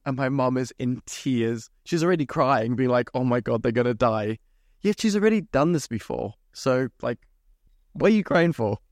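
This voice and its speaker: A man's voice: mid-range voice, no room sound, studio quality. A young man from Zimbabwe hosting a podcast, telling rambling, chatty stories with casual swearing. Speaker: podcast host. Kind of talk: casual storytelling monologue.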